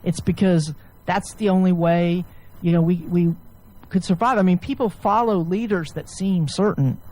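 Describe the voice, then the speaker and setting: A woman physician and author, a guest, explaining ideas at length in a relaxed interview, often restarting her sentences. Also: fairly low pitch, moderate pace, rough recording. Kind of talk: casual interview chat.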